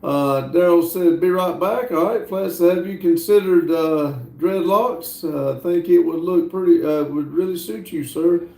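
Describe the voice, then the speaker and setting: Slow, halting man reading chat. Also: fairly high pitch, gravelly, mellow, roomy sound. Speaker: livestream host reading chat aloud. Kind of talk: casual livestream chat.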